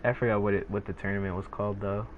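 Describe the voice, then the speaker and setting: A man's voice: fairly low pitch, level tone, fast. A teenage male gaming streamer chatting casually with viewers, rambling along with lots of fillers and restarts. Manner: rambling, laid-back, many fillers and restarts. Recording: tinny phone-like sound with faint noise.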